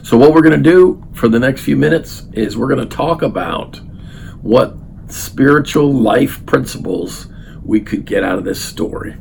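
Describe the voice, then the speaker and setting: A man's voice: mid-range voice, moderate pace, vocal fry, a little mellow, slight background noise. An older man reading a children's story aloud, then talking unhurriedly with many fillers. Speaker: speaker reading a story to his grandchild.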